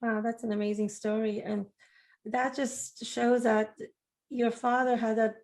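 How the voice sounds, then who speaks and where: A woman's voice: fairly high pitch, level tone, a little slow, a little mellow. Encouraging female interview host. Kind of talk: casual interview chat.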